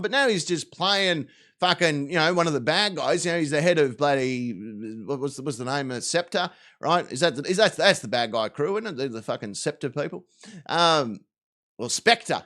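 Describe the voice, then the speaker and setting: A man's voice: high voice, sharp tone. An Australian man hosting a podcast, delivering a sweary, laughing comic rant. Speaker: podcast host.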